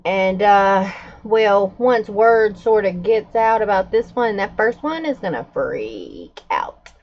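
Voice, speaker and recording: A woman hosting a journaling livestream from home, chatting in a relaxed, gossipy way and laughing between stories. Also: mid-range voice, takes it slowly, dull audio. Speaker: journaling vlogger, livestream host. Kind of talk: casual gossipy chat while journaling. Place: at home with her dogs nearby.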